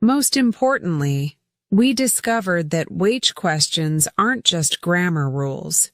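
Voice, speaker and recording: Slow, low-voiced woman teaching English. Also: expressive, no echo, studio quality. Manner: deliberate, repeats words for pronunciation drills. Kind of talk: scripted English lesson narration.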